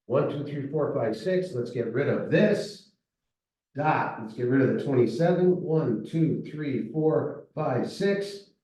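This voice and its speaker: Man teaching at a whiteboard, talks while he writes, recorded far off in a boomy room. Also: lively intonation, takes it slowly, mellow. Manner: talks while writing, counting aloud, checks in with "right?". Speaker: math teacher. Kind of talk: whiteboard math lesson. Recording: echoey room, voice from afar.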